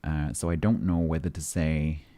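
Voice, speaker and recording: A man's voice: very deep voice, little pitch movement, normal speed, mellow. A man streaming a game, chatting casually with his chat and reading update notes aloud, breaking off to joke and answer questions.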